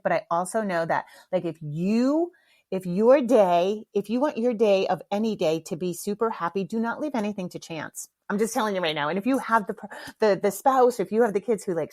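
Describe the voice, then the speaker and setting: A woman's voice: medium pitch, fairly quick, darkish tone, dry recording. A middle-aged woman hosting a podcast, telling a story in a candid, frank way, with swearing and laughs. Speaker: podcast host. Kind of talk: casual podcast monologue.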